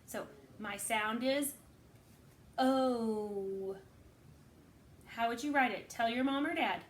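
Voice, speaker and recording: A woman's voice: on the high side, moderate pace, a bit bright. A woman teaching a phonics lesson to kindergarten children, patiently sounding out words.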